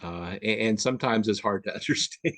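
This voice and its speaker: A man from the Upper Midwest, with a lowish, somewhat bright voice, chats as a guest on a video call. He rambles casually, with many fillers and restarts.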